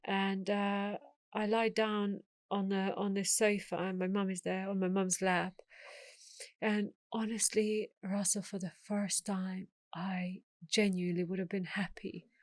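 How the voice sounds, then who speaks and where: A middle-aged woman telling her own story to an interviewer, slipping into the voices of others as she quotes them. Her voice is of middling pitch and sits close to the mic in a dry, dead room. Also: level tone, a little slow, dry recording. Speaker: guest.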